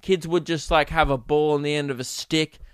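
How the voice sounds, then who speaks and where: A man's voice: a little high, steady tone, normal speed, a bit bright, clean tone, dry recording, studio quality. A young man hosting a solo podcast, telling rambling, profane comic stories in a casual chat. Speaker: podcast host. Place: home podcast setup.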